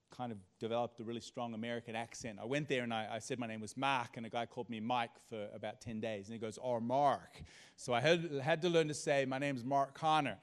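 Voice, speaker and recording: A man, a pastor telling a personal story in a sermon, swinging from hushed to loud. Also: mid-range voice, clear, resonant tone. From Australia.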